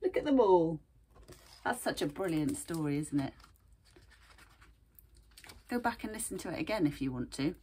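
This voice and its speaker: A woman art teacher reading a picture book aloud and gently guiding young children to draw, asking them questions as she goes. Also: fairly low pitch, lively intonation, normal speed, pauses often, slight background noise.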